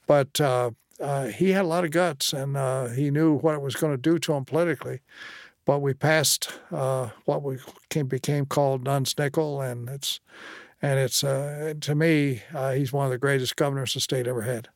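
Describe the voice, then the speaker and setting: Gravelly older man telling stories. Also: medium pitch, steady tone, normal speed, no echo, studio quality. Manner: plainspoken anecdotal storyteller, quotes others. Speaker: former state official and guest. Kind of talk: storytelling interview.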